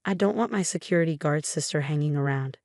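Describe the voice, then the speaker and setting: A woman's voice: sits low, fast, a little mellow, no room sound, clean studio sound. A woman reading as a smug, mocking sister. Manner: dismissive, fake-sweet.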